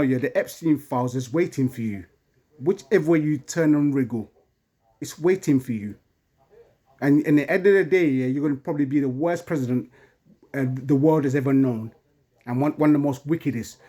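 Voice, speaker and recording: A man's voice: on the high side, a little mellow. An emotional man, ranting in an impassioned monologue from his home and constantly asking if you understand. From England. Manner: agitated, keeps asking "you understand, yeah?".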